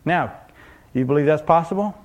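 A man's voice: a little high, moderate pace. A man preaching a sermon as pastor, in a conversational way, asking the congregation rhetorical questions and acting out little scenes.

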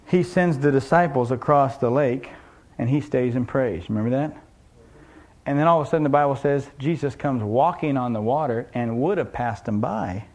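A man's voice: mid-range voice, moderate pace, a little mellow. A man preaching a sermon as pastor, in a conversational way, asking the congregation rhetorical questions and acting out little scenes.

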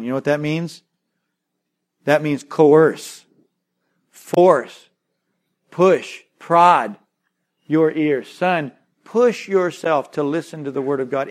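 A man's voice: on the high side, a little mellow. A man preaching a sermon, emphatic and repetitive, leading the listeners in saying key words aloud. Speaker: pastor.

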